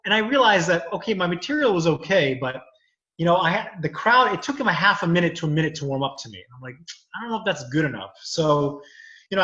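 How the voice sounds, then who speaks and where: A man's voice: a little high, bright, forceful tone, echoey room, lo-fi sound. A man, a comedian and lawyer, chatting casually, rambling through stories with many filler phrases. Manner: rambling storytelling, many "you know"s. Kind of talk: casual chat.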